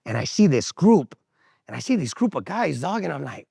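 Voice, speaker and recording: A man with a fairly high, gravelly voice tells his story in a candid, slangy way. He swears often and acts out the voices of the people in it. The sound is dry and close, with no room echo. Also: very animated, normal speed, dark tone. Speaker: interviewee telling his recovery story. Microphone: camera interview setup.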